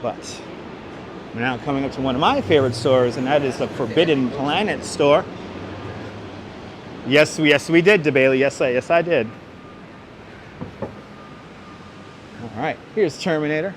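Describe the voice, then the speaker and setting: A man hosts a casual walking-tour livestream outdoors on busy city streets, chatting with viewers by name and sharing street history. His voice is medium-pitched, moderately paced, with frequent pauses, picked up by a wireless clip-on mic over faint traffic.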